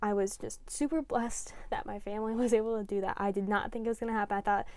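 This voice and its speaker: A woman's voice: medium pitch, fairly even intonation, fast, a little mellow, dry recording. A young adult woman vlogging casually, rambling and emotional with lots of fillers. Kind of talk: casual vlog chat.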